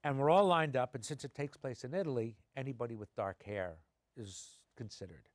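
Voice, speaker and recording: A middle-aged man, an actor being interviewed, telling animated stories and acting out the people in them. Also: mid-range voice, fairly quick, no echo. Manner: animated anecdotes, acting out quoted voices. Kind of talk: conversational storytelling. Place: television studio.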